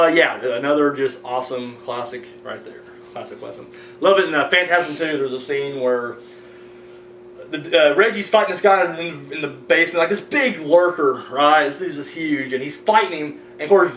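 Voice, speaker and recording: A man hosting a horror review show, talking loosely and rambling with plenty of fillers and swearing. His voice sits a bit high for a man. It comes through a distant mic in an echoey room with a faint hum behind. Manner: rambling, animated, swears casually, many fillers. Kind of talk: casual review chat.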